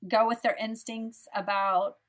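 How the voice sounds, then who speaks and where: A woman's voice: a little high, fairly even intonation, unhurried, a bit bright. A woman podcast host who works as a lactation consultant, asking questions in a reassuring, affirming way. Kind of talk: casual interview.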